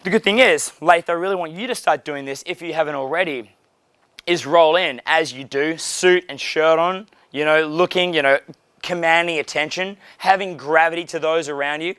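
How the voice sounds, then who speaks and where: Brief: a profane, animated man in his thirties, dating coach, slightly high voice, dry close recording. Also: normal speed, smooth, dry recording. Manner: profane, animated, acts out dialogues. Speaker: pickup coach. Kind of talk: casual coaching talk.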